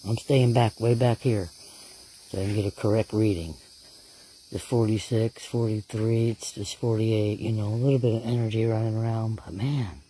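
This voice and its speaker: A man researching bigfoot, talking casually and excitably to the camera outdoors in the woods at night. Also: fairly low pitch, moderate pace, a little hiss or hum. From Florida. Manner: talkative, hushed and excitable. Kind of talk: casual field narration to camera.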